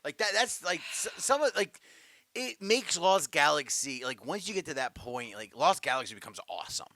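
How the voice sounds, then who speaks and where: A man's voice: on the high side, big pitch swings, normal speed, pushed and bright, no echo. A man hosting a casual podcast, rambling with lots of filler words. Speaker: podcast host. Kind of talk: casual chat.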